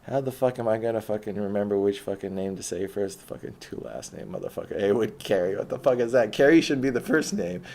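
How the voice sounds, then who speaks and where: A man's voice: lowish voice, fast talker, hardly any pauses, darkish tone. A man rambling through a profane, laughing monologue as a podcast host, swearing constantly.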